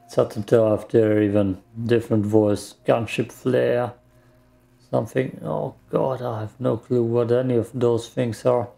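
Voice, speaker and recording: A man's voice: medium pitch, fairly even intonation, unhurried, gravelly, warm tone. A man mutters casual gameplay commentary to himself while he plays, with some mild swearing. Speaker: gaming streamer.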